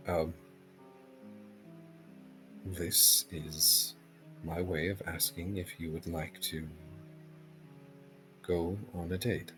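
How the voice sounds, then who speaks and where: Nervous stammering ember creature, played by a man; low, slow, halting. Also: little pitch movement, over music. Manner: stammering, hesitant. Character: shy nervous male ember-and-smoke being.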